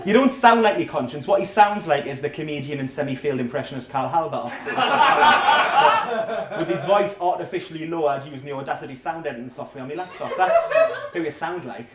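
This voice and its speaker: Heavy background noise surrounds a man whose slightly high, expressive voice moves fairly fast. He's a comedian in his thirties doing a rambling, self-mocking, profane set indoors at a small coffee shop, recorded in an echoey room.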